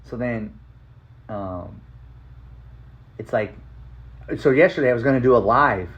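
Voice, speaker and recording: A man telling a personal story in a casual, rambling way, full of filler words and swearing, emotional and excited. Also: medium pitch, unhurried, highs cut off. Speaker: vlogger.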